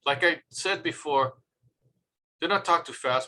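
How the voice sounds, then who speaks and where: A man presenting tips on public speaking in a relaxed, chatty way, acting out little quoted remarks. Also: mid-range voice, moderate pace, pauses often, low-quality recording.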